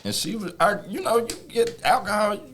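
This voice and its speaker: A man chiming in as a guest on a casual podcast, relaxed and laid-back. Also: high voice, brisk, slight background noise. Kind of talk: casual chat.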